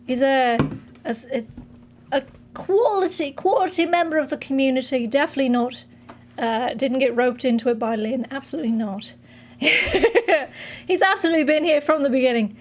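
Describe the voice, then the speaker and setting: A woman's voice: high-pitched, normal speed, a little hiss or hum, lightly acted. A woman on a livestream playing a mock British talk-show host in a put-on British accent, mock-formal and giggly. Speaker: streamer. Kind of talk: comedic bit on a livestream.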